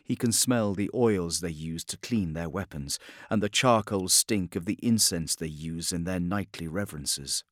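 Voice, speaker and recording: A man narrating an audiobook in a measured, grave storytelling manner. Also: low-pitched, no room sound, clean studio sound.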